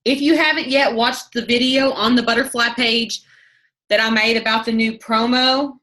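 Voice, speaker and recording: Bright-voiced fast-talking woman leading a call. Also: on the high side. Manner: fast, chatty, self-interrupting. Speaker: network marketing team leader. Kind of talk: team training call.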